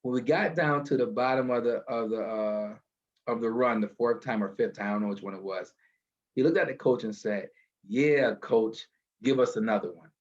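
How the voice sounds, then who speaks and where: A man telling a motivational story from his car, animated and building to a lesson, over a video call. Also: medium pitch, fairly quick, highs cut off. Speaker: guest speaker.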